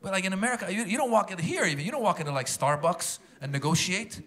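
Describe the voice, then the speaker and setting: A man performing a stand-up comedy set, animated and acting out the people in his stories. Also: high voice, quick pace. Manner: animated, acts out characters. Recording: live stage recording with a loud audience. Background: loud audience laughter.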